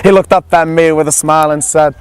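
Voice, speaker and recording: A man performing a told story in a rhythmic, repetitive, theatrical style, barely pausing between phrases. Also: fairly high pitch, steady tone, clean tone. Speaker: traveling storyteller. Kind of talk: spoken-word storytelling performance.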